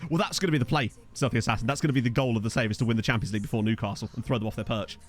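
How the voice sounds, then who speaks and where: A worn-out man streams a game, reading and answering viewer comments in a rambling, self-mocking chat full of fillers. He talks very fast in a mid-range voice, and faint music can be heard behind him.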